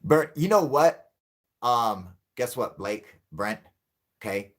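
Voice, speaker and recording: A man rambling through a casual livestream chat about UFOs, swearing freely and breaking into laughs. His pitch swings widely, from low mutters to loud mock-angry bursts when viewers rile him. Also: lively intonation, takes it slowly. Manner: rambling, profane and joking, often laughing; gets loud and mock-heated when riled. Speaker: host of a UFO livestream.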